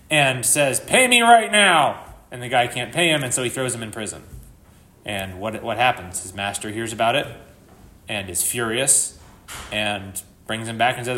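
Male pastor, live sermon, earnest, punchy emphasis, middle pitch, reverberant church room. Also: a bit bright. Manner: earnest, with sudden rises for emphasis. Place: church sanctuary. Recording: echoey church hall.

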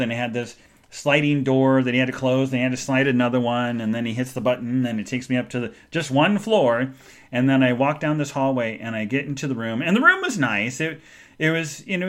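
A man hosting a podcast, telling a long casual story in a chatty, rambling way and acting out the voices he quotes. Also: mid-range voice. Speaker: podcast host.

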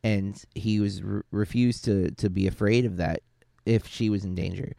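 A man's voice: on the low side, steady tone, normal speed, creaky, dark tone, no room sound, studio quality. A man co-hosting a podcast, talking through a film in a casual, rambling way, often correcting himself and using fillers. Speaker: podcast co-host.

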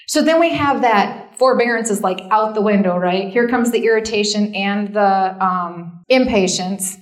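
A woman's voice: medium pitch, measured pace. A middle-aged woman giving a conversational sermon at a camp meeting, chatty and self-deprecating, full of asides and "right?".

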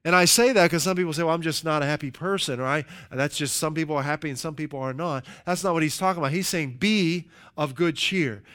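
Emphatic preacher with a fairly high voice. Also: male voice, a bit bright. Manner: emphatic, slows for scripture quotes, asks "right?" often. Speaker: pastor. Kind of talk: sermon.

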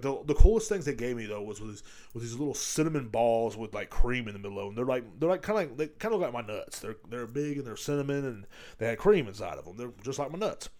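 A man's voice: mid-range voice, animated, brisk, a little mellow. A middle-aged man hosting a comedy podcast, ranting crudely and mocking voices as he rambles. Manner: profane, rambling, mocking voices mid-rant. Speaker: podcast host.

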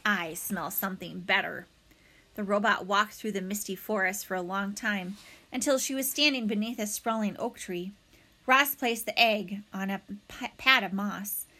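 A woman reading a children's novel aloud as narrator, with expressive storytelling. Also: medium pitch, normal speed.

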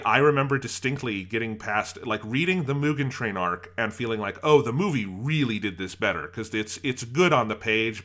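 A man with a lowish, pushed, bright voice co-hosts a casual anime podcast. He gushes with enthusiasm and acts out his own reactions.

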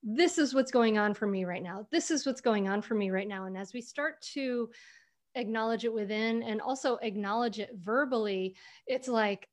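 A woman author in an interview, telling personal stories in a lively way, with many fillers and restarts. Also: fairly high pitch, moderate pace. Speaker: author, guest. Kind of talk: conversational interview.

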